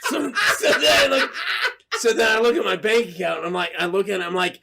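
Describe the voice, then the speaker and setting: A man's voice: high voice, quick pace, vocal fry, bright, forceful tone. A man on a podcast telling a funny story in a casual way, swearing and acting out his own lines with laughter. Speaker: podcast co-host.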